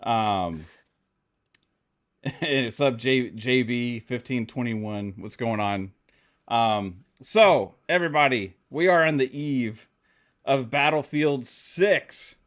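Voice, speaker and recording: A man hosting a casual podcast, joking around, laughing often and reading out shout-outs to the chat. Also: mid-range voice, expressive, slow. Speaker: podcast host.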